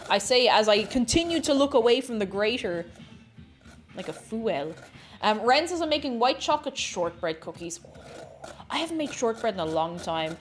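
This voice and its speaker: A woman's voice: a little high, lively intonation, moderate pace. A woman, a variety streamer chatting casually with her chat while she bakes, greeting viewers by name and laughing often.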